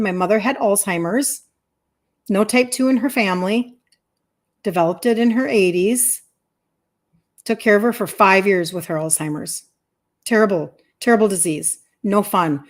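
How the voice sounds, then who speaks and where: A woman in her fifties, a health coach talking bluntly and emphatically to her audience on a live stream. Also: mid-range voice. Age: 50s.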